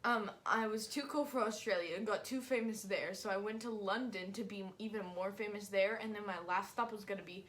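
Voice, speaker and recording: A teenage girl joins her mother's podcast and spins silly made-up tales, giggling as she goes. Her voice sits in a middle pitch with a little background hiss. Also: brisk, few pauses, a bit bright. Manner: giggly, joking, rambling storytelling. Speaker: host's teenage daughter, guest. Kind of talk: casual chat.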